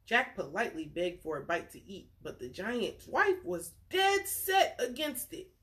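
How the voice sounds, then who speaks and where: Lively woman reading a bedtime story. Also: mid-range voice, unhurried. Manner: animated, chatty asides to young listeners; playful character voices for the story's figures.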